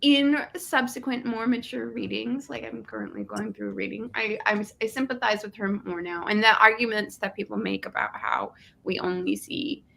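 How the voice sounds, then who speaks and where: Hesitant woman guest with a gravelly edge. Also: mid-range voice, normal speed, few pauses, fairly bright tone, slight background noise. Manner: hesitant, self-correcting. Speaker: podcast guest. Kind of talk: casual discussion.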